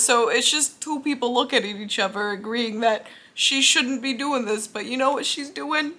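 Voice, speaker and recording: Indoors at home late at night, a sleepy, tired young woman who vlogs about books chats casually, mocking herself and yawning. Her fairly high, sharp-toned voice moves at a moderate pace with hardly any pauses.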